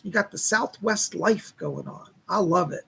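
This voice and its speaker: A man's voice: sits high, a little slow, creaky, bright, forceful tone, breathy edge. A man hosting a live psychic-reading stream, chatting in a folksy way and greeting viewers by name, his voice strained and tired. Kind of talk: casual live-stream chat.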